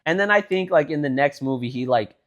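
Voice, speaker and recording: Animated, profane male podcast co-host. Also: fast, dull audio. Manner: animated, profane storytelling, swings between loud and low. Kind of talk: casual chat.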